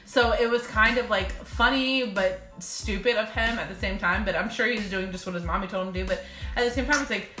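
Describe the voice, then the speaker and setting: A woman chatting casually, telling animated stories about her calls, laughing often and acting out the people she talks to. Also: mid-range voice, brisk, roomy sound, soft background music. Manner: animated storyteller, laughs a lot, acts out callers. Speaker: guest telling work stories. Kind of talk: casual chat.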